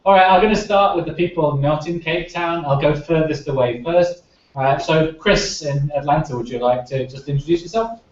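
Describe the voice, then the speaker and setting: A man's voice: on the high side, normal speed. A man hosting an online science panel on a video call, friendly and prompting speakers in turn. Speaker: panel moderator. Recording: echoey, distant, dull lo-fi call audio.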